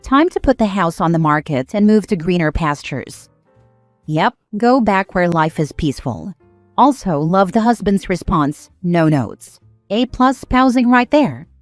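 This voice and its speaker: A woman narrating online posts aloud in a lively scripted storytelling manner. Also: lowish voice, unhurried, no room sound, soft background music.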